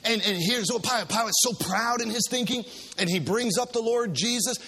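Give me a bright-toned male preacher, emphatic and dropping low for weight, echoing through a large church hall. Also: normal speed, slightly rough. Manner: call-and-response, emphatic, dropping low for gravity. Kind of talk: sermon with scripture reading. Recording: long hall reverb.

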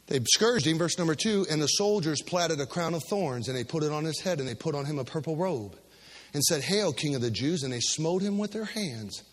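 A man's voice: animated, fairly quick. A male preacher giving an emphatic sermon, reading scripture and calling on the room to finish phrases, heard with a long hall reverb. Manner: call-and-response, emphatic, dropping low for gravity.

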